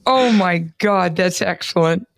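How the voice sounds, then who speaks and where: A woman hosting a podcast, telling stories in an animated, chatty way and exclaiming often. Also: fairly low pitch, a little slow, gravelly, no room sound, studio quality. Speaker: podcast host. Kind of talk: casual interview chat.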